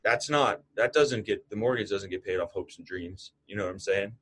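Husky low-voiced man, fired up. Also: normal speed, a bit bright, poor audio. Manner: fired-up, emphatic motivational talk. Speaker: podcast co-host. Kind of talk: casual chat.

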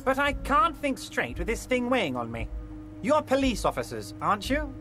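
An actor playing a large, smooth-talking union boss who is friendly on the surface and manipulative underneath. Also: male voice, very high voice, sing-song, moderate pace, bright, forceful tone, faint music behind, exaggerated voice. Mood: scheming. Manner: oily, soothing, overly friendly. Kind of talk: video game voice acting.

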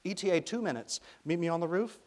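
A man voicing a young woman calling in by radio, clipped and shouting. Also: fairly high pitch, expressive, moderate pace, pitched above the performer's own voice, lightly acted. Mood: urgent.

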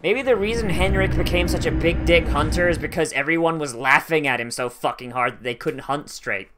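A man's voice: a little high, brisk, fairly bright tone. A man streaming a video game, talking casually with sarcastic jokes, heavy swearing and frustrated outbursts. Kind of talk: casual gameplay commentary.

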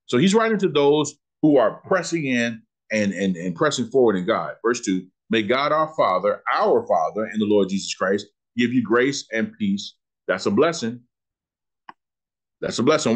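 A man, teaching a Bible lesson in sermon style, asking questions and slowing down to read scripture. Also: fairly low pitch, expressive, husky. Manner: preacherly, asks questions and answers them, slows down on scripture.

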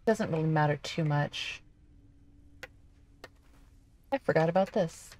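A woman with a slightly low voice hosts a gameplay video. She chats casually and excitably, talking to herself as she plays. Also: fairly quick, a little hiss or hum. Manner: chatty, excitable, talks to herself while playing. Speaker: gaming video host.

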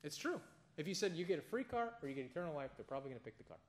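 A man leads an informal Bible study at a quick clip, his voice sitting a little high. He talks like he is chatting with friends, slipping into stories and animated asides. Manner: conversational, tells anecdotes, animated asides. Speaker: Bible teacher.

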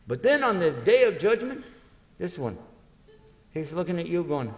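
Animated male preacher in a reverberant hall. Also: fairly high pitch, fairly quick. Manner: acts out little dialogues and quizzes the audience. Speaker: Islamic preacher giving a lecture. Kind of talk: lively religious lecture to an audience. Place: large university lecture hall. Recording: long reverb of a lecture hall.

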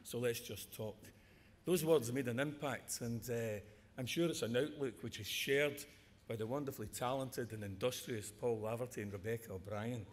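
A man's voice: mid-range voice, normal speed. A man giving a joking, rambling awards speech, often restarting his sentences. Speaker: award presenter. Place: large ceremony hall with audience. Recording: echoey hall, audience noise.

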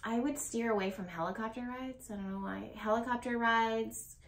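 A woman's voice: fairly high pitch, steady tone, normal speed. Rambling, blunt woman reading tarot. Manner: rambling, blunt, swears, nervous laughs. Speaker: tarot reader. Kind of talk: casual tarot reading to camera. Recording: roomy echo.

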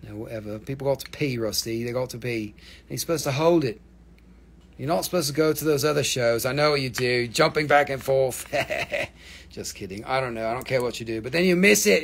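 A man's voice: medium pitch, normal speed, vocal fry, breathy edge. A man hosting a live stream that sells minerals, talking casually with lots of swearing, ranting and then joking.

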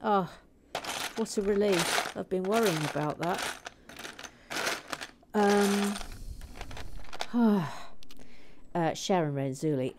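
A gentle woman with a medium-pitched voice talks slowly while building a brick set on a livestream. She's warm-hearted and chatty, casually reading out viewer comments over a noisy background.

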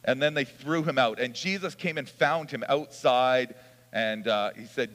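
A man preaches a sermon in a church hall, his mid-pitched voice trailing off into a long reverb. He moves from reading scripture to easygoing storytelling, chuckling and restarting his sentences. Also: moderate pace, a bit bright. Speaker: pastor.

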